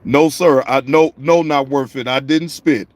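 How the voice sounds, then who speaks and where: A man's voice: medium pitch, steady tone, a little slow. A man hosting a casual live-stream reaction show, speaking, profane and repetitive, addressing viewers in the chat by name.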